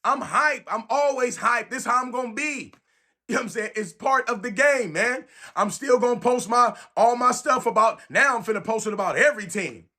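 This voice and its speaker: A man's voice: very high-pitched, normal speed. A man from San Francisco, ranting casually and emphatically to camera as a sports fan, repeating his points. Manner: animated, emphatic, repeats phrases.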